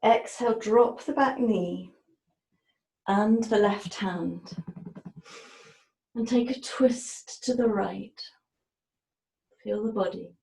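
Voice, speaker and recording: A woman yoga teacher talks a class through breath and movement in a slow, soft cadence. Her voice is mellow and dark, and it rings in an echoey room. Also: mid-range voice, vocal fry. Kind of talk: guided yoga class instruction.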